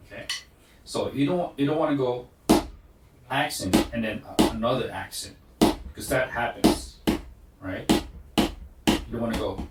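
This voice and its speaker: A man's voice: mid-range voice, lively intonation, measured pace, long pauses, over loud music. A man teaching a drum lesson, counting beats aloud and explaining in plain words. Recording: echoey room, far from mic, loud drumming. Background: drum pad and metronome clicks.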